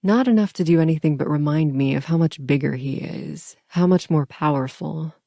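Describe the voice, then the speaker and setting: Gravelly low-voiced woman narrating. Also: moderate pace, dark tone, no room sound, studio quality. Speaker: audiobook narrator. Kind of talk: first-person audiobook narration.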